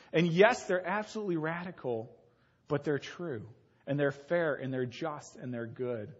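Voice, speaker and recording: A man's voice: fairly high pitch, dull audio. A man preaching a sermon in a conversational way, using homely examples and speaking to the kids in the congregation. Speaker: pastor.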